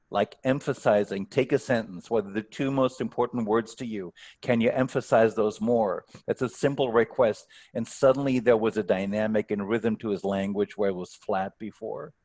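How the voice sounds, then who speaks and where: A man's voice: lowish voice, steady tone, normal speed, darkish tone. Man coaching on a video call. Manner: thoughtful, repeats words when starting sentences. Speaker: guest speaker and coach. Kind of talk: online workshop Q&A.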